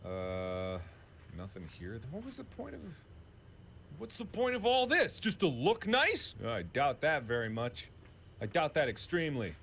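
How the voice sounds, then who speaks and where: A man's voice: medium pitch, huge pitch swings, measured pace, fairly bright tone, a little hiss or hum. A man playing a horror game and talking to himself, chatty and joking as he explores. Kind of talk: casual solo game commentary.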